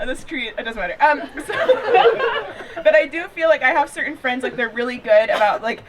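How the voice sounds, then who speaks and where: A man's voice: very high-pitched, expressive, moderate pace, heavy background noise. A man doing a stand-up set in an outdoor backyard, campy and flamboyant, teasing the crowd. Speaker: stand-up comedian. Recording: loud audience laughter. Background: crowd laughing.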